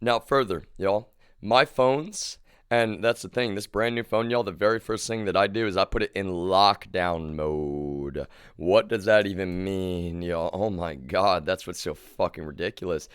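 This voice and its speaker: A man streaming live, ranting in an agitated, profane way at his viewers, dropping to low mutters and then bursting into shouts. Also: normal speed, clear, resonant tone, dry recording, studio quality. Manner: agitated, profane, keeps addressing viewers as "y'all"; swings between low muttering and shouted outbursts.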